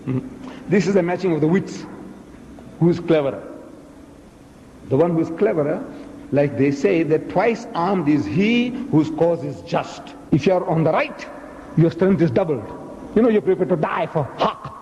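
A man giving a lecture, telling a story with lively acted-out dialogue. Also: on the high side, moderate pace, long pauses, echoey room, long reverb tail, highs cut off, slight background noise. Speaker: speaker.

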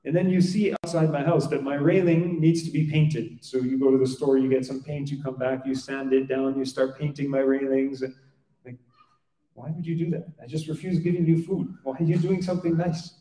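A man's voice: mid-range voice, fairly even intonation, a little fast, warm tone, roomy sound, recorded from a distance, rough recording. A man teaching in a conversational storytelling way, acting out the dialogue and often checking in with "right?". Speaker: religious teacher. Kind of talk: storytelling sermon.

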